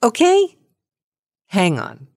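A woman's voice: fairly high pitch, wildly swooping pitch, very slow, background noise. A middle-aged woman hosting a cold-call podcast, chatty and playful, laughing often and nervous about calling strangers. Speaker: podcast host.

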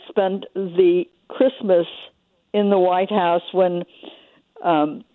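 A woman calls a radio show over a narrow, tinny phone line, her voice dry and mid-pitched. She presses her point insistently, lecturing the host. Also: dry recording. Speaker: caller. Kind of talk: call-in radio conversation. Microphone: telephone.

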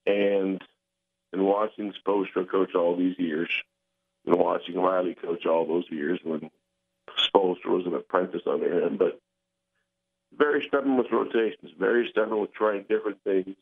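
A man's voice: sits low, steady tone, normal speed, vocal fry. Older male caller on a tinny phone line. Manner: passionate, insistent, argumentative.

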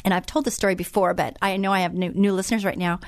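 A woman's voice: medium pitch, flat delivery, quick pace, dry recording, studio quality. A middle-aged woman who hosts a faith-based radio show, telling a story in a chatty, enthusiastic way with frequent restarts.

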